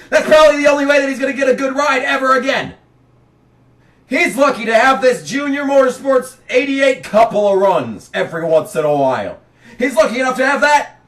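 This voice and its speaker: Man, very high voice, sarcastic ranting, exasperated shouting bursts, sounds distant from the mic. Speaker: racing commentary vlogger. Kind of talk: ranting commentary. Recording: roomy, set back from the mic.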